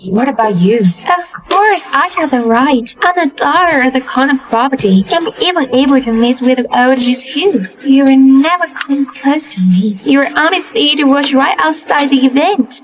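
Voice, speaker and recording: A woman's voice: high voice, expressive, normal speed, few pauses, a little hiss or hum, rough recording. An actress dubbing a haughty young woman who mocks her rival in a drama. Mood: mocking. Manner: mocking, haughty. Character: scornful young woman, a rich daughter and mistress. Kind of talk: English dub of a drama.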